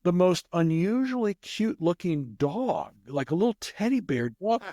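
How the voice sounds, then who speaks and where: A man's voice: high-pitched, lively intonation, measured pace, mellow, no room sound, studio quality. A man telling a rambling casual story as an interview guest, with many restarts. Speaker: guest, craps player.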